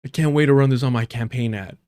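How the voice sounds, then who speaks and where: A man's voice: mid-range voice, fast, darkish tone, close to an everyday voice. A man putting on the voice of a smug, self-satisfied young male politician, in a mocking and exaggerated way. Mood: smug glee.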